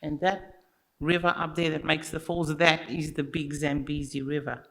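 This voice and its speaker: A speaker telling a story at a church service, in an unhurried, expressive way and talking straight to the listeners. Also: mid-range voice, creaky, poor audio. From Australia. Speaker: children's story teller at church.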